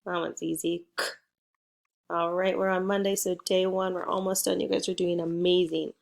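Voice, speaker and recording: A woman's voice: medium pitch, steady tone, normal speed, gravelly. A young woman teaching a phonics lesson to first graders, prompting patiently and praising often.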